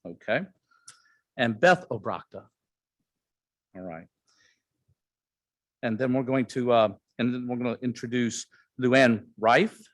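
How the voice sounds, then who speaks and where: A man's voice: medium pitch, slow pace, pauses often, no room sound. A man, a new club member, introducing guests at a meeting in a hesitant way with many fillers. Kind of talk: reading names at a club meeting.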